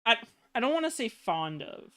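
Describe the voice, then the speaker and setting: A woman's voice: on the high side, very animated, moderate pace, a bit bright. A woman guest chatting casually on a game stream, hesitant with many ums.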